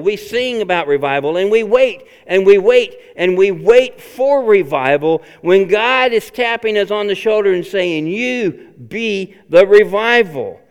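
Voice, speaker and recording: A man preaching a sermon as pastor, earnest and repetitive, swinging between loud appeals and hushed lines. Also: high voice, clear, resonant tone, in a large hall.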